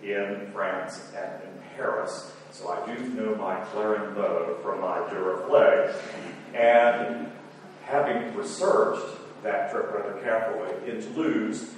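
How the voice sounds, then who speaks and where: A man's voice: on the low side, takes it slowly, a little hiss or hum. A man moderating a conference, giving formal remarks with dry self-deprecating humor. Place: lecture hall. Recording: roomy hall from far off.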